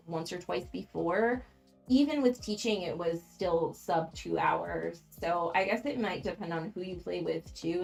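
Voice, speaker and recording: Casual female streamer, mid pitch, gravelly fry, chatty and frank, faint music underneath. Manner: chatty, frank, frequent ums and laughs. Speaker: board game channel host. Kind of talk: casual livestream chat.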